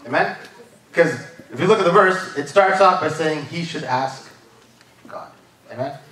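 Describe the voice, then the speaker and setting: At a church service, a man preaches a sermon in a slightly high, somewhat bright voice at a normal pace. He talks conversationally, repeatedly throwing in "right?" and "amen?", and sounds distant in a big, echoing space.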